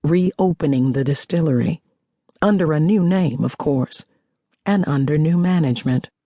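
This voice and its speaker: A self-assured woman with a dry, teasing wit, voiced by a woman narrator in an audiobook. Her voice is warm and a touch husky, recorded close and dry. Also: low voice, moderate pace, no echo. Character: confident sharp-witted woman chemist, teasing.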